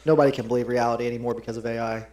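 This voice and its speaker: A man's voice: mid-range voice, little pitch movement, a little mellow. A man co-hosting a podcast, dropping short remarks into his friend's story. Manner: brief quick interjections. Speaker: podcast co-host. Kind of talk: casual chat.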